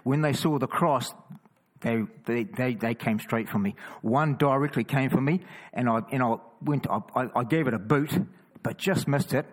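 Kiwi man, mid-pitched, casual testimony storyteller, stumbles and restarts, animated delivery. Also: normal speed, low-quality recording. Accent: New Zealand. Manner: lively, stumbling restarts, chatty asides. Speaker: cross-carrying Christian walker.

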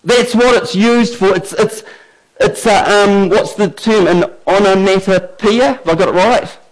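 High-voiced, slow-preaching male pastor. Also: rough recording. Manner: emphatic, deliberate preaching. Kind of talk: sermon.

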